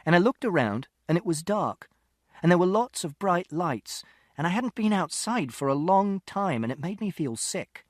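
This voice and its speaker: A man's voice: high-pitched, sing-song, normal speed, no room sound, clean studio sound. A man narrating an audiobook in the first person, with a precise, literal, methodical delivery.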